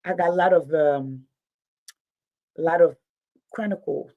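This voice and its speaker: A woman's voice: sits low, measured pace, narrow, tinny audio. A middle-aged woman giving impassioned political commentary, indignant and emphatic, repeating phrases for stress.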